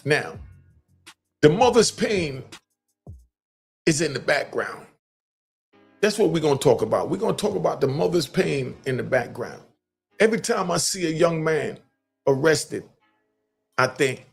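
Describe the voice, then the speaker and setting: A man's voice: on the high side, gravelly. A middle-aged man hosting a live stream, giving street-wisdom commentary in a preachy way and repeating key lines for emphasis.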